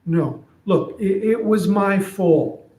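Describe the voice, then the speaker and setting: A man voicing a meek male donkey who stammers and defends his owner, in a higher, softer voice than his own, in an echoey room. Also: expressive, takes it slowly. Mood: meek, defensive. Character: meek battered male donkey, loyal, making excuses. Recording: roomy echo.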